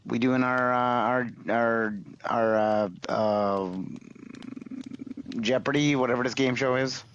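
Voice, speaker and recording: A man's voice: medium pitch, fairly even intonation, takes it slowly, highs cut off, a little hiss or hum. A man co-hosting a casual podcast chat, swearing freely and ribbing the others. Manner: profane, gruff teasing banter. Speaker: podcast co-host.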